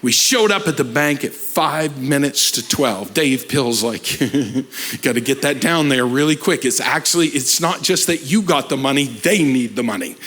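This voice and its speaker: A man's voice: medium pitch, normal speed, breathy edge. A middle-aged man, a pastor telling a testimony story in a sermon, acting out the voices of the people in it. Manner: animated storyteller acting out quoted dialogue.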